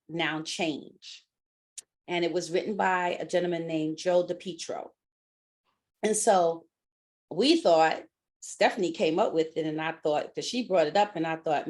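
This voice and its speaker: A woman's voice: on the low side, a little mellow. A middle-aged woman hosting a podcast in casual chat, bubbly and laughing often, with many fillers. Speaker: podcast host.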